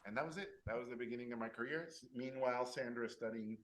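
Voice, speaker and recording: A man from Mexico tells an animated story about his early days as an artist. His voice is bright, and he throws himself into the voices of the people he quotes in this casual talk. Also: medium pitch, fast, slight background noise, low-quality recording.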